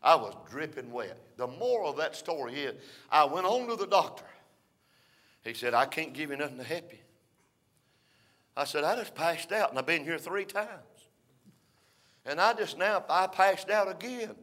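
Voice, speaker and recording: An older man preaching a folksy storytelling sermon, rising to shouts between drawn-out "uh" phrases. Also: a little high, lively intonation.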